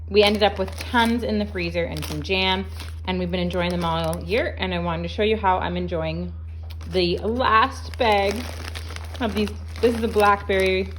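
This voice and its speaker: A woman's voice: on the low side, slight background noise. A woman chatting casually through a homemade recipe demonstration in her farm kitchen, with joking asides and lots of ums. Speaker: home cooking vlogger. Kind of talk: casual home cooking demo.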